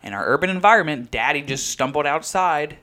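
A man's voice: on the high side, lively intonation, a crowd in the background. Laughing young man spinning a tale. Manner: laughing, drawn-out storyteller. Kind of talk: casual chat.

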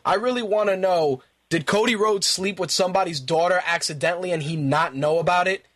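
High-voiced man on a profane rant. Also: fairly quick, a bit bright. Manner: profane, exasperated ranting; repeats himself in angry bursts. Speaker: radio show host. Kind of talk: ranting wrestling commentary.

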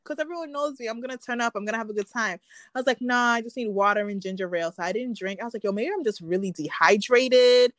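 A woman's voice: a little high, very fast, fairly bright tone, no echo. A young woman co-hosting a casual podcast, telling a story with lots of acted-out quotes and casual swearing. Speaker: podcast co-host.

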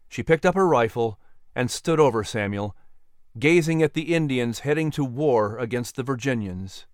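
A man's voice: mid-range voice, expressive, clean tone, no echo, studio quality. Man narrating a historical story. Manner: measured storytelling.

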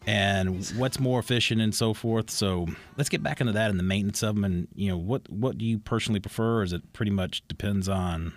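A man's voice: lowish voice, fairly quick, hardly any pauses, dry recording. A man co-hosting a radio talk show, joking and reading upbeat station announcements. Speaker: radio co-host.

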